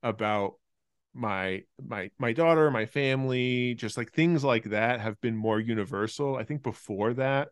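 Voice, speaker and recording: Smooth-voiced laid-back comedian, man. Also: medium pitch, unhurried, dry recording, clean studio sound. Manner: laid-back, rambling with restarts. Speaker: guest comedian. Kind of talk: casual podcast chat.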